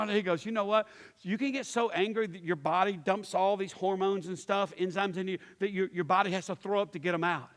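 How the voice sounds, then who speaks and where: High-voiced pastor man, storytelling. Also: fast talker, a bit bright. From Pittsburgh area. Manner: storytelling, acts out voices, many restarts and fillers. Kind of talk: teaching talk to a church class. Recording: long hall reverb.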